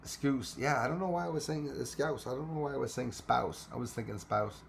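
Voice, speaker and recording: A man's voice: medium pitch, fairly quick, vocal fry, slight background noise. A man with a Quebec French accent hosting a casual livestream, chatting with viewers, switching between English and French and swearing freely. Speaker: space channel livestream host.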